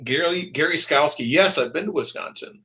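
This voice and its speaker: A Southern American man hosting a loose, profane chat show, with a bright, tense edge to his voice. His pitch sits a bit high and swings all over as he jokes and reads out comments. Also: fairly quick. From Florida. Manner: profane, joking, animated. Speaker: livestream host reading viewer comments. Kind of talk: casual chat.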